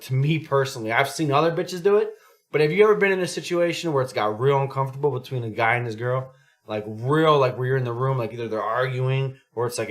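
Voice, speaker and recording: A man co-hosting a podcast, telling stories in casual chat, swearing a lot and acting out what people said. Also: medium pitch. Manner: animated storytelling, heavy swearing, acts out quotes. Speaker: podcast co-host.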